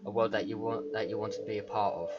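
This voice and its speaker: A man's voice: on the low side, steady tone, quick pace, heavy background noise, natural voice. A man reading the lines of an obsessive, self-aware female game character aloud, pleading and confessional. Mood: remorseful. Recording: muffled lo-fi mic.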